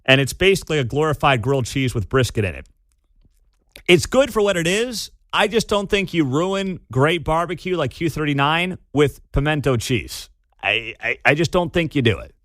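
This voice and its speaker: A man's voice: on the high side, animated, moderate pace, fairly bright tone, no echo. A man hosting a talk radio show, sarcastic and scornful in an opinionated monologue at a studio mic. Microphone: studio microphone.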